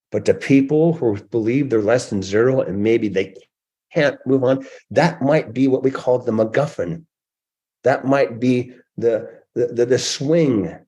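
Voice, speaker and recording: A man's voice: mid-range voice, mellow, slightly rough. A man in his sixties, a guest author, telling stories in an interview with emphatic delivery. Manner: emphatic, acts out quoted voices. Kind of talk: animated storytelling interview.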